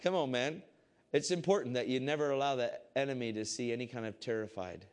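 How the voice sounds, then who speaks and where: A man giving a casual, animated Christian testimony to a group. He swings between loud excitement and hushed intensity. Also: medium pitch, fast. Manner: casual, repeats "I said" often. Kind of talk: testimony storytelling to a crowd.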